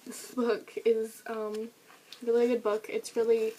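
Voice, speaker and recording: A woman's voice: a little high, completely flat delivery, measured pace, dark tone, slight background noise, poor audio. A teenage girl chatting eagerly about her favorite books, with lots of fillers, recorded on a camera mic. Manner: gushing, chatty, many fillers. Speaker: book vlogger. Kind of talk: casual book review vlog.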